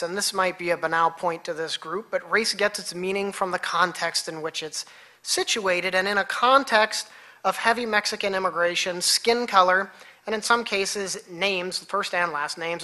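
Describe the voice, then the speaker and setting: Bright-voiced woman giving an academic talk. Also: mid-range voice. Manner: measured, explanatory lecturing with occasional self-corrections. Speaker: researcher presenting at a conference.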